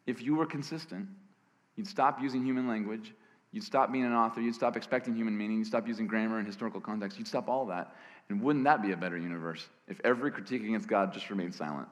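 A man preaching a sermon as pastor, his voice hoarse, gravelly and scratchy from cheering, swinging between loud emphatic bursts and hushed lines. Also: fairly low pitch, quick pace. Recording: long reverb of a large hall.

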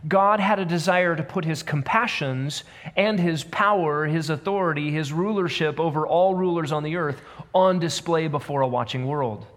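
A man preaching a sermon, reading scripture aloud and speaking in measured, emphatic repetitions. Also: a little high, fairly bright tone. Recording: long hall reverb.

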